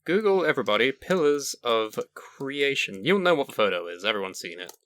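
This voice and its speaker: A man's voice: mid-range voice, sing-song, a little fast, fairly bright tone, dry recording. A man co-hosting a casual podcast chat, making dry, profane jokes. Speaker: podcast co-host.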